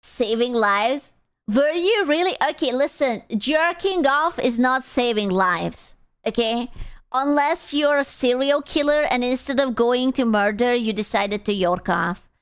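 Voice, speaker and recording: A woman's voice: fairly high pitch, lively intonation, measured pace, smooth. A woman streamer chatting casually with her viewers, blunt and playfully teasing. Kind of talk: casual live-stream chat.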